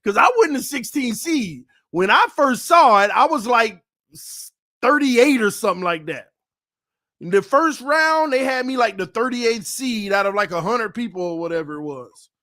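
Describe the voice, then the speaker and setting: A man hosting a casual live stream, talking loud and playful with lots of trash talk. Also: extremely high pitch, lively intonation, normal speed, no echo, studio quality. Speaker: YouTube channel host. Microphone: desk mic, no headphones.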